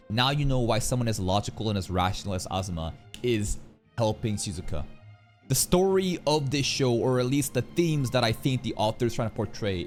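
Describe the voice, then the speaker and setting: A man hosting an anime reaction, talking casually in an animated, slangy and profane way, often saying "bro". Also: mid-range voice.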